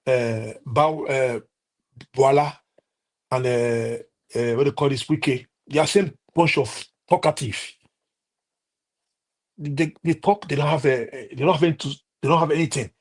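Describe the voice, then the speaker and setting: A man with a Nigerian accent giving heated political commentary on a live stream, scolding and halting with many restarts. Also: medium pitch, slightly rough.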